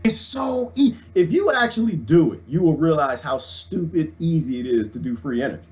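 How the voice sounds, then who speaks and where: A middle-aged man, ranting excitedly to his viewers, preaching and swinging his handheld mic as he talks. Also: fairly high pitch, moderate pace. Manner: swings the mic around while talking. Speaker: vlogger. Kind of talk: excited casual rant.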